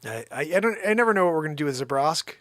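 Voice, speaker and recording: A man hosting a livestream, riffing an improvised comedy rant to his chat, animated and jumping between put-on voices and whispers. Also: on the high side, very fast, no room sound. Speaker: livestream host.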